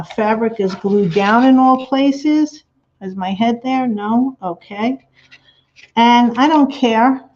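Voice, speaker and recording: A woman's voice: medium pitch, darkish tone, muffled recording. A woman chatting casually to her livestream viewers while she crafts, rambling and laughing often as she reads the chat. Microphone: laptop mic on a livestream.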